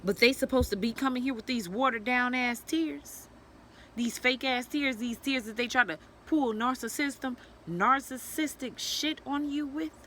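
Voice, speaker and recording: A woman speaks straight to her viewers in a bright, sharp voice that sits a little high. She tells her story bluntly and profanely, then turns to lecture other women. A faint hiss runs under the recording. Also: measured pace. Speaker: vlogger sharing a personal story. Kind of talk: candid storytelling vlog.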